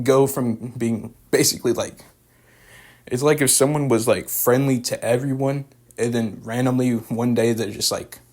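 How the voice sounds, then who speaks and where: A man's voice: medium pitch, fairly even intonation, moderate pace, a little mellow. A young man recapping and reviewing a show in a loose, rambling way, full of fillers and slang. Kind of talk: casual spoken recap and review.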